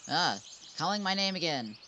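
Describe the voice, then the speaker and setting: A woman doing casual let's-play commentary on a visual novel, snarky and sarcastic, muttering and sometimes yelling at the game. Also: lowish voice, expressive, normal speed, a little hiss or hum. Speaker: gamer playing a visual novel. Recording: game music playing behind.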